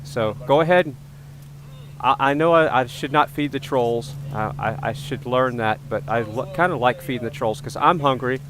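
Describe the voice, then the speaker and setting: A man's voice: mid-range voice, moderate pace, background noise. A man hosting a casual livestream, chatting with viewers and joking at his own expense about his ego. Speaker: livestream host.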